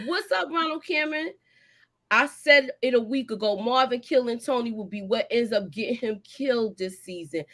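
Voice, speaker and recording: Woman, live-stream host, AAVE speaker, animated and chatty, slightly high voice. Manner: animated, chatty, greets viewers, laughs often. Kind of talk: casual live recap chat.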